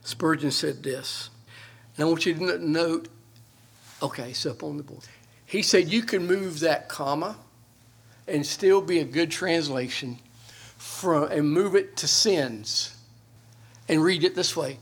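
A man's voice: fairly high pitch, a little slow, creaky, pauses often, slightly rough. An older man, a pastor, preaching a sermon on Bible verses with earnest emphasis and homely asides.

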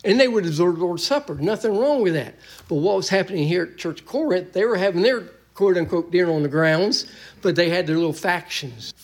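A man's voice: sits high, a little fast. A man preaching a sermon in a church, folksy and emphatic, joking with the congregation.

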